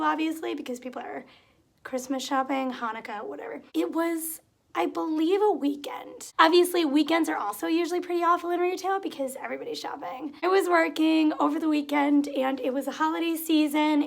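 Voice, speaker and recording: A woman's voice: sits high, gravelly. A young woman telling retail stories in a casual, chatty way, getting exasperated and acting out what customers said. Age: young adult. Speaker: vlogger. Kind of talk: casual storytelling. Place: home room, cat nearby.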